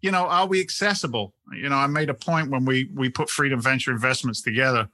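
Bright-voiced middle-aged man with a mixed London-American accent. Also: mid-range voice, quick pace, dry recording. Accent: London English mixed with American. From England. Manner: animated, repeats words and restarts often. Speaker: real estate investment CEO, guest. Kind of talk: casual podcast interview.

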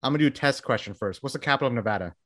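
A Texan interviewer who founded a publication hosts a casual interview, rambling enthusiastically and restarting often. His mid-range voice is animated and a bit bright, and he talks at a racing pace.

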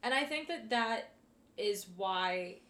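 A woman's voice: a little high, lively intonation, slow pace, a bit bright, roomy sound. A young woman hosting a podcast, chatting casually with her best friend and laughing often. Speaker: podcast host. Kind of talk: casual chat between friends.

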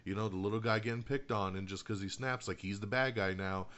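A man's voice: lowish voice, steady tone, fairly quick, a bit bright, lo-fi sound. A man in casual chat, retelling a film with lots of energy. He acts out the quotes, laughs often and swears freely. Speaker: podcast co-host reviewing a film.

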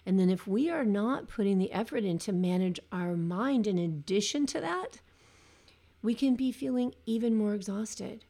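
A woman's voice: medium pitch, animated, moderate pace, warm tone. A woman coaching cancer survivors in an earnest motivational talk, often acting out her clients' words.

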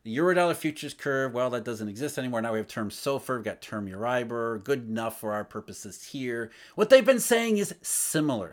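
A man giving solo market commentary, emphatic, asking rhetorical questions as he explains. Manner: emphatic, rhetorical questions, lively swings in pitch and loudness. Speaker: financial commentator.

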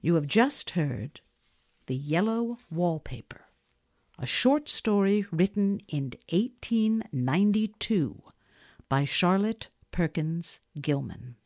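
Woman reading a creepy story out loud, slow and dramatic, voice rising and falling a lot. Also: fairly low pitch. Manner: expressive, swings between hushed and intense. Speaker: audiobook narrator.

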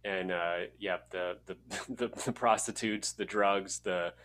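A man's voice: low-pitched, steady tone, unhurried, fairly bright tone, a little hiss or hum. A man co-hosting a casual podcast, rambling with many fillers and swearing. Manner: rambling, filler-heavy, profane. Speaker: podcast co-host.

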